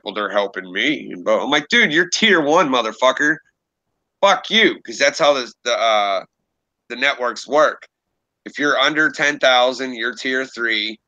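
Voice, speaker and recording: A man's voice: medium pitch, pushed and bright, highs cut off. A young man streaming from home, chatting casually, rambling and profane, often laughing at himself. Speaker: streamer and creepypasta narrator. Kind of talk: casual livestream chat. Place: home room.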